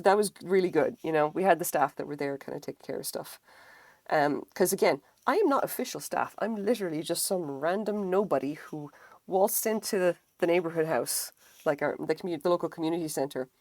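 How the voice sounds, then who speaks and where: Brief: tired, low-voiced woman on a craft live stream, rambling and self-mocking, swears casually, dry close sound. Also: fairly quick, darkish tone, no room sound. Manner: rambling, self-deprecating, acts out quotes in higher voices. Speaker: crochet streamer. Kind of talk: casual live-stream chat while crocheting.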